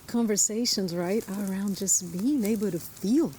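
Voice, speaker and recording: A woman's voice: mid-range voice, moderate pace, warm tone, a little hiss or hum. A woman co-hosting a podcast, talking earnestly in a reflective conversation and acting out quoted voices. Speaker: podcast co-host.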